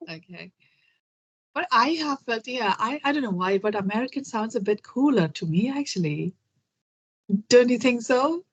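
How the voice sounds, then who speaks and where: A woman's voice: on the high side, expressive, normal speed, breathy edge, rough recording. A woman hosting an English conversation practice over a video call, asking curious questions with frequent restarts. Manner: curious, chatty, many fillers and restarts.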